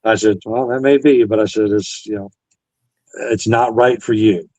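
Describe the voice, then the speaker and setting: Earnest veteran man, lowish voice, dry close sound, relays old conversations line by line. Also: steady tone, moderate pace, darkish tone, no echo, poor audio. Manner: retells conversations, quoting both sides. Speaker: Navy veteran guest. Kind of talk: storytelling interview.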